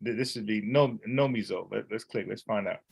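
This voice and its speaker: A man's voice: fairly low pitch, a little fast, vocal fry, slightly rough. A man teaching in a casual, conversational way, repeating words and explaining letters one by one. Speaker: Bible teacher.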